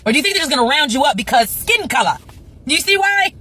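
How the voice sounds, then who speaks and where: A woman's voice: high voice, sing-song, fast, pushed and bright. A woman speaking in an incredulous, rambling, profane rant. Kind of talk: ranting commentary.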